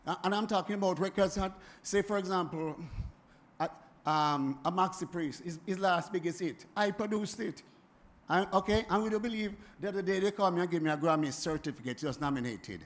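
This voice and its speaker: A Jamaican man in his seventies, speaking at a forum in an animated, emphatic way that keeps circling back and repeating itself. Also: sits high, fairly quick. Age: 70s. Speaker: music producer speaking at a forum. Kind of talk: impassioned spoken address.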